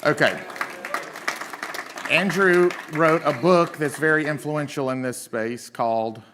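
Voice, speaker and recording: A man's voice: a little high, slow, a crowd in the background, background noise. A man from South Carolina with a Southern accent, emceeing a live conference with loose, teasing banter. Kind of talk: live stage hosting. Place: conference stage.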